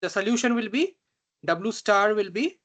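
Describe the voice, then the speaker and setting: A man teaching a reinforcement learning tutorial, slow and halting, often pausing to check that students follow. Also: sits high, lively intonation, a bit bright. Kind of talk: online math tutorial.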